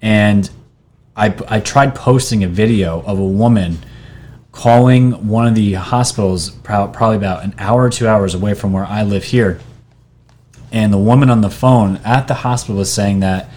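A man with a fairly low voice talks through posts and articles he has pulled up on screen, in a loose, conversational way. He rambles, restarts sentences and drops fillers. A faint hiss of noise sits under the recording. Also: normal speed, darkish tone. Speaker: video channel host. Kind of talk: casual commentary reading from screen. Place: New York.

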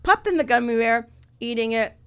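A woman in her fifties hosts a casual talk show and tells stories with relish. Her pitch swings widely as she acts out what people said. She talks in a loose, chatty way. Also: a little fast, clean tone. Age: 50s. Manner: animated storytelling, acts out quotes. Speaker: host. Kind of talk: casual chat.

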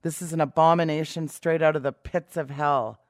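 A female host speaking to her audience, forceful and preachy. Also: low voice, steady tone, normal speed, dry recording, studio quality. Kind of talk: talk show commentary.

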